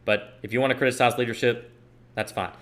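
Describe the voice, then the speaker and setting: A man's voice: medium pitch, fairly even intonation, fast talker, fairly bright tone. Emphatic man hosting a solo podcast. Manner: emphatic, repeats points for stress. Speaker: podcast host. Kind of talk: opinionated solo podcast commentary.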